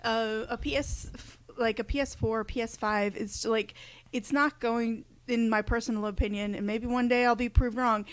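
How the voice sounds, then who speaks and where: A woman's voice: on the high side, fairly even intonation, moderate pace. A woman co-hosting a casual podcast chat, blunt and teasing. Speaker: podcast co-host.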